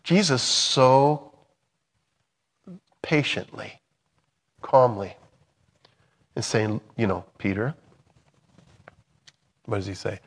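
A man preaching a sermon in a conversational way, swinging from loud emphatic bursts to soft, hushed lines. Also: mid-range voice, slow pace, gravelly, long pauses, husky.

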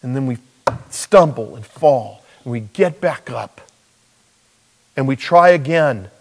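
A man's voice: medium pitch, lively intonation, slow, darkish tone, long reverb tail. A man preaching a sermon in a humorous, conversational storytelling way, acting out quoted dialogue.

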